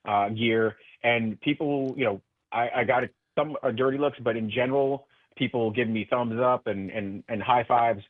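A man guest on a political radio interview, talking earnestly with many halting restarts over a phone line. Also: lowish voice, no echo. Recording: tinny phone line, dry.

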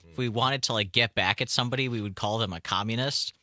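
Bright young man on morning radio. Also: mid-range voice, quick pace, no room sound, studio quality. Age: young adult. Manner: curious, asks questions, laughs easily. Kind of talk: casual morning radio chat. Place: radio studio. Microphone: studio microphone.

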